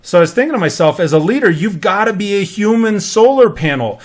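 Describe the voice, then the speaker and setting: A man's voice: high-pitched, lively intonation, moderate pace, few pauses. A middle-aged man hosting a podcast, talking casually about leadership, rambling with many restarts and acting out quoted chatter. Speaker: podcast host. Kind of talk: casual motivational monologue.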